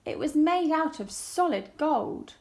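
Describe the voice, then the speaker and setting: A woman's voice: high-pitched, expressive, darkish tone. A woman teacher, reading a story aloud to young children and asking them questions. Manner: slow and clear, asks children questions. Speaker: primary school teacher.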